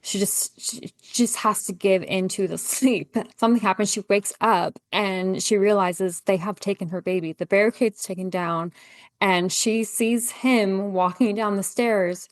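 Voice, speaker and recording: Gardener lady on a podcast, mid voice, super animated, says like constantly, dry sound. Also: mid-range voice, unhurried, dry recording. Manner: animated storyteller, acts out quoted lines, says "like" a lot. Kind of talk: casual chat.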